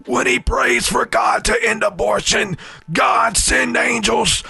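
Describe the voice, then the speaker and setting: A man doing a shouting high-pitched revival preacher. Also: big pitch swings, takes it slowly, gravelly, slightly rough, no echo, full character voice. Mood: fervent. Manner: booming extravagant prayer cadence.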